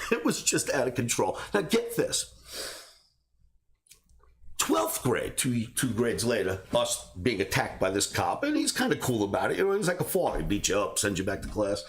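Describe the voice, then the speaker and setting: A man hosting a trading show, telling a personal story in a casual, animated way and laughing between beats. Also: medium pitch. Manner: animated, laughs through his own stories. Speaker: trading academy host.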